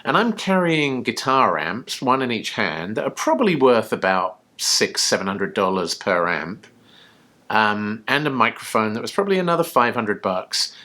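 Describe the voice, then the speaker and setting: Animated rambling man from the UK. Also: lowish voice, normal speed. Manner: rambling, storytelling, jokey. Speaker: co-host. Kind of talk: tipsy casual chat.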